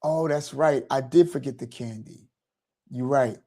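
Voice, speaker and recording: A man voicing a confused husband who apologizes and reassures his wife, speaking softly. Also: mid-range voice, a little slow, natural voice. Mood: reassuring.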